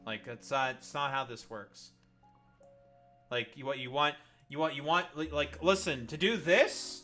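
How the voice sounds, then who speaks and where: A man's voice: a little high, measured pace, pushed and bright, faint music behind. A tired young Canadian man streaming late at night, ranting sarcastically and profanely in a rambling way. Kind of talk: late-night livestream rant.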